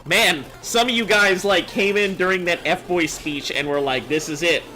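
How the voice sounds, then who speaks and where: A man's voice: sits high, measured pace, pushed and bright, faint music behind. A man streaming live, chatting casually with viewers, reading chat messages aloud and joking as he goes.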